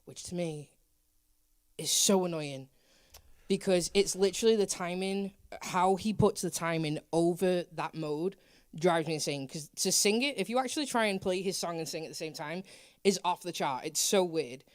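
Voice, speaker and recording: A woman's voice: fairly low pitch, moderate pace, no room sound. Young English woman, musician guest, playful and opinionated, dry studio sound. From England. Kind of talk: casual interview chat.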